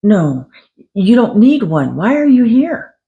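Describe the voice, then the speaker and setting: A woman's voice: lowish voice, moderate pace, creaky, darkish tone, muffled recording. A woman voicing a brusque, impatient male energy reader in a spoken anecdote. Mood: curt. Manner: curt, dismissive.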